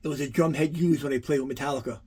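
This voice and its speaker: A man's voice: fairly high pitch, racing, husky. Profane, rambling man. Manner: rambling, profane, animated anecdotes. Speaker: collector giving a room tour. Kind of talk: casual storytelling to camera.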